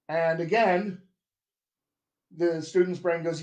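A man's voice: on the high side, unhurried, pauses often, darkish tone. A man teaching as a dialect coach in a live-streamed lesson, playful and chatty. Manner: playful, chatty, laughs at himself. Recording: echoey room.

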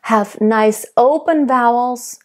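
A young adult woman giving a singing lesson, explaining technique calmly and demonstrating by singing. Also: on the high side, takes it slowly. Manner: calm, explanatory teacher who demonstrates by singing. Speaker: vocal coach.

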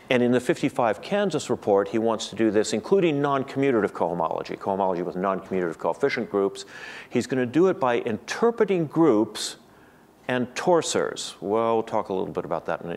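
A middle-aged man giving an academic seminar lecture, thoughtful and digressive, often restarting his sentences. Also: lowish voice. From United States.

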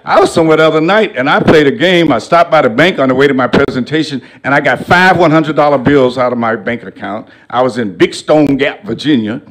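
An older man giving a public lecture as a guest speaker, folksy and humorous, with a preacher-like cadence, in a college lecture hall. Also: mid-range voice.

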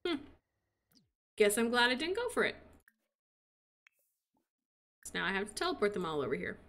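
A woman giving casual commentary on her own game, excitable and cheering as she plays. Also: mid-range voice, quick pace. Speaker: gaming video creator.

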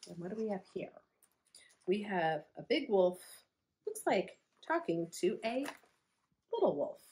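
A woman, a children's librarian, reading a picture book aloud to children in a friendly, expressive storytelling manner. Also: medium pitch, a little slow.

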